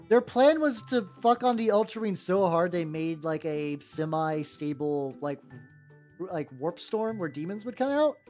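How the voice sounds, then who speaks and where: A woman's voice: on the low side, darkish tone. A woman in her thirties chatting casually as she paints miniatures, rambling through ideas with constant "like" fillers. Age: 30s. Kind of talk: casual chat while painting. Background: faint background music.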